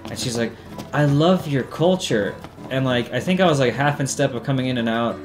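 A man's voice: medium pitch, fast. A young man doing casual, profane, sarcastic commentary while playing a video game. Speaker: let's play host. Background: game music.

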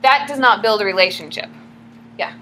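A woman's voice: medium pitch, a little fast. Woman lecturing in an echoey classroom. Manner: lively, asks the class questions. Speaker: psychology lecturer. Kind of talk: classroom lecture with acted examples. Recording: echoey classroom with background hum.

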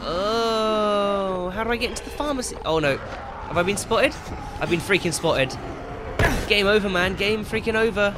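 A man's voice: high voice, moderate pace, noisy background. A man commentating his own video game play, yelping and swearing whenever he gets startled. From England. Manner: jumpy, yelps and swears when startled. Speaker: gaming YouTuber.

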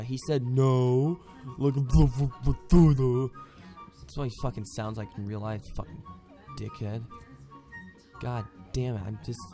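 A man ranting furiously over his gameplay at home, swearing constantly and stammering through restarts. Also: medium pitch. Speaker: gaming video creator. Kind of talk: gameplay commentary rant.

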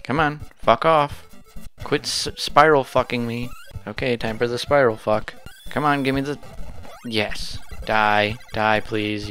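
Cursing, frustrated gaming host. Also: male voice, mid-range voice, bright, forceful tone. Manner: frustrated, swearing, talking to the game. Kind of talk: casual gameplay commentary.

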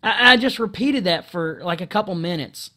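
A man delivering an angry, profane monologue rant into a camera, stumbling over restarts and often clearing his throat, with loud outbursts. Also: high-pitched, animated, moderate pace. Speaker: video commentator.

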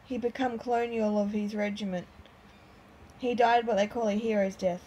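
A woman reading as a gentle elderly storyteller. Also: mid-range voice, steady tone, normal speed, highs cut off, slight background noise, close to an everyday voice. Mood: wistful. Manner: soft, reminiscing, hesitant.

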